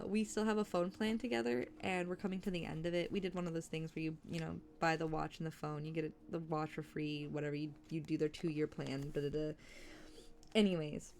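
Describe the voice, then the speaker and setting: A woman's voice: on the low side, a little mellow, a little hiss or hum. A young adult woman streaming, chatting candidly and rambling, swearing freely between book readings. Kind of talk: casual livestream chat.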